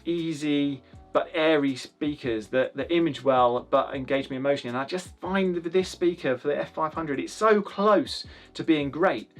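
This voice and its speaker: A man's voice: on the high side, normal speed, faint music behind. A man from the UK giving a chatty, rambling spoken review of hi-fi speakers, with lots of restarts and fillers.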